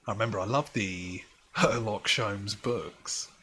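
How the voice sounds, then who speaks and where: A man hosting a casual let's play, reacting excitably and joking while he plays. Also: fairly low pitch, measured pace, slight background noise. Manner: excitable, jokey, reacts and rambles. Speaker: gaming let's play host. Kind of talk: casual game commentary. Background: game music.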